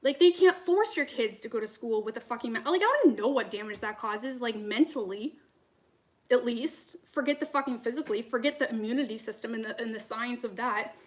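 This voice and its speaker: A woman's voice: on the high side, fairly quick. A woman, a tarot reader, ranting to camera in a heated, profane, rambling way between readings.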